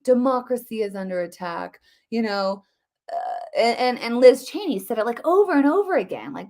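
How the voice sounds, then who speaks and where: A woman hosting a live political commentary stream, talking quickly and emphatically. She repeats herself and fills her sentences with "like". Her voice sits a little high. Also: very animated, a little mellow. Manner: rapid, repetitive, emphatic, with many "like" fillers.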